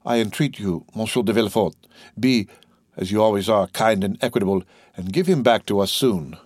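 A man's voice: fairly low pitch, brisk, darkish tone, dry recording, close to an everyday voice. A man voicing an anxious middle-aged shipowner who eagerly pleads for his young mate in a raised, imploring voice, in a dry, close recording. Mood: entreating.

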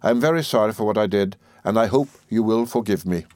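A man's voice: on the low side, quick pace, darkish tone, no room sound, studio quality, close to an everyday voice. A man voicing a nervous, polite young boy in a storybook reading. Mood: timid.

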